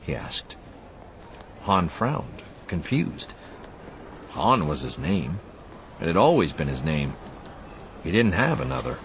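A man's voice: sits low, sing-song, takes it slowly, pauses often, slight background noise. A man narrating an audiobook expressively, voicing the character lines too.

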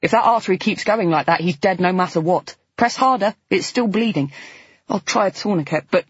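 A woman's voice: on the low side, brisk, husky, dry recording, muffled recording. A woman voicing a frantic young woman who gives urgent medical orders and swears under pressure.

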